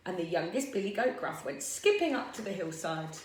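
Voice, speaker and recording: A woman teacher reads a story aloud to young children with an expressive, lively delivery. Her voice has an even, middle pitch. The sound is roomy and echoey. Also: fairly quick, recorded from a distance. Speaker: primary school teacher. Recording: roomy echo.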